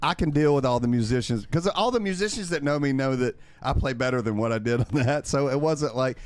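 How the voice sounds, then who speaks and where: A man, a guest telling a lively story in casual chat, acting out his own past lines. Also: mid-range voice, fairly quick, dry recording. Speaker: guest comedian and drummer.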